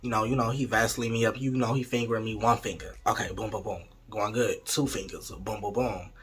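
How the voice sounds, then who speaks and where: A man's voice: on the low side, fairly even intonation, brisk, a bit bright, breathy edge. A young man in casual storytime mode, chatty and candid, talking straight to his viewers. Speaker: vlogger.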